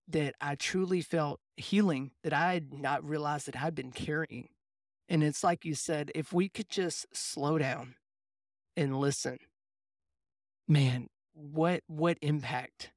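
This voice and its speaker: A man's voice: on the high side, fairly even intonation, unhurried, dry recording, clean studio sound. A young adult man, a mindset coach, telling a reflective personal story in casual faith conversation. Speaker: podcast co-host, mindset coach.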